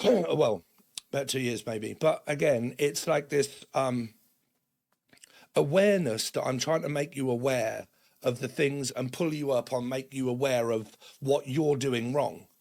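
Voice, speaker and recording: A man from Britain with a gravelly edge in his speech, reading tarot cards in a loose, rambling monologue. He checks in with listeners through "okay" and "right" and briefly mimics other people's lines in quotes. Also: mid-range voice, a little mellow. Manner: rambling, frequent okay and right tags, puts on quick quoted voices. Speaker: tarot reader.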